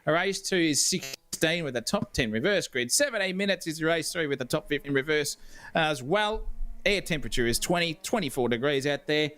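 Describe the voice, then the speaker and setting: A man's voice: fairly high pitch, lively intonation, normal speed, a bit bright. A man with an Australian accent doing live sim racing co-commentary, chatty and jokey with a rambling flow.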